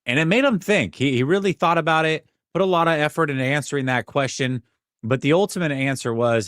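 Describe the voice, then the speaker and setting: A man hosting a sports talk podcast in a polished radio-host voice, upbeat and smooth as he leads the conversation. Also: a little high, brisk, fairly bright tone, no echo, studio quality.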